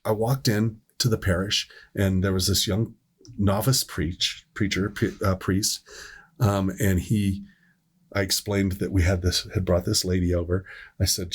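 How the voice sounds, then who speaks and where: A middle-aged man with a low, husky voice chats casually on a podcast. He rambles through an old work story, restarting his sentences as he goes. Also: steady tone, unhurried. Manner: rambling, self-correcting storyteller. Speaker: podcast host, EMS worker.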